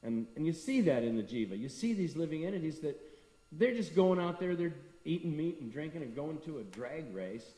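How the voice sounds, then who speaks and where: Middle-aged male speaker, devotional talk, animated anecdotes; long reverb, voice from a distance. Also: a little high, brisk. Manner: storytelling, acting out quoted people. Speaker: temple speaker. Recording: echoey hall from a distance.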